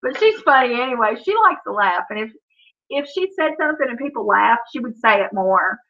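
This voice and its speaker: A woman with a fairly high, sing-song voice hosts a livestream, talking a little fast as she reads comments and tells funny family stories. She laughs often and says "Oh, Lord," and the stream audio sounds dull and lo-fi.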